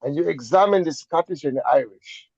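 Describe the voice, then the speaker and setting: A man's voice: on the high side, brisk, gravelly, a little mellow, slightly rough, no echo, highs cut off. A man with a Jamaican accent, a guest on a talk show, speaking emphatically and repeating phrases for effect. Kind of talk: conversational storytelling on a talk show.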